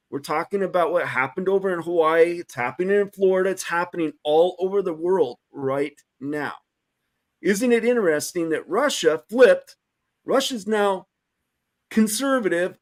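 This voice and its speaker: A man hosting a talk show, delivering a fiery, swearing political rant. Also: sits high. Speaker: host.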